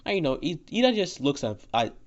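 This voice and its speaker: A man's voice: on the high side, big pitch swings, brisk. A man casually retelling a fan story in a rambling, profane way, full of fillers and restarts. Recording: dull lo-fi audio.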